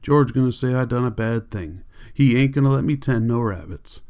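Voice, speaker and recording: Guy reading as a big childlike ranch hand, soft and pleading, a bit lower and quieter than his narration. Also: normal speed, natural voice. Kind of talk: audiobook character reading.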